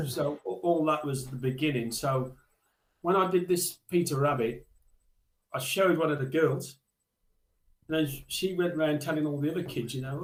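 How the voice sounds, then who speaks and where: A man telling stories from his childhood as a podcast guest, reflective and halting, with many restarts. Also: on the high side, reverberant, poor audio. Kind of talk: storytelling in a podcast interview.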